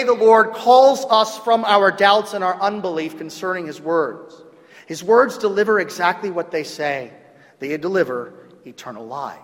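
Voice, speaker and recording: A man with a Southern US accent preaching a sermon as pastor, swinging from loud emphatic declarations to hushed, near-whispered lines. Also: sits high, big-room sound.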